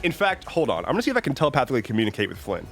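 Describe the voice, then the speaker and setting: A young man with a deep voice hosts a livestream, chatting about how he's recovering from being sick. He rambles and restarts sentences often, and his pitch swings widely as he talks. Faint music plays underneath. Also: big pitch swings, very fast, gravelly. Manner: rambling, self-interrupting, lots of "like" and restarts. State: getting over an illness, slight cough. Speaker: livestream host. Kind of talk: casual chat reading viewer comments.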